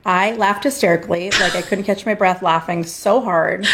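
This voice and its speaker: A woman in her forties chats as a podcast guest and tells her story with lots of energy. Her voice sits at a middle pitch, and she leaps up high whenever she quotes someone. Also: normal speed, noisy background. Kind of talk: casual chat.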